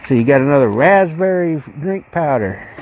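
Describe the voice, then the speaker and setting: A man hosting a casual unboxing video, musing aloud in a slow, rambling way as he goes through a ration pack. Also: on the high side, lively intonation, darkish tone, a little hiss or hum, rough recording. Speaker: channel host reviewing ration packs.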